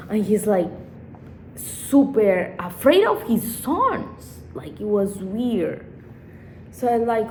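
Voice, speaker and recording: A woman's voice: medium pitch, lively intonation, a little slow, a little mellow. Rambling, emotional woman vlogger. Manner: rambling, emotional, swears often. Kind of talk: casual storytime monologue. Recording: echoey room with faint background noise.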